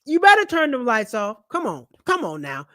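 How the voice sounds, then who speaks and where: A man hosting a casual money-saving vlog, loud, animated and slangy, joking his way through a list of tips while seated at home. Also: very high-pitched, moderate pace, no room sound, clean studio sound. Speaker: channel host and comedian. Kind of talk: casual personal finance vlog rant. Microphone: camera mic.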